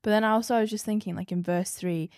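A woman sharing earnest, reflective thoughts in a casual devotional discussion, often drifting softer. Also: mid-range voice, steady tone, quick pace, no room sound, studio quality. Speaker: Bible discussion participant.

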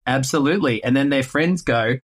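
A man, a real estate agent answering interview questions in a playful, animated way. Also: medium pitch, a little fast.

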